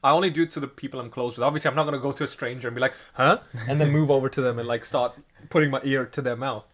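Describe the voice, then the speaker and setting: A man's voice: mid-range voice, steady tone, very fast. A man co-hosting a podcast, talking casually in a rambling, self-correcting way with frequent chuckles. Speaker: podcast co-host. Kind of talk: casual chat.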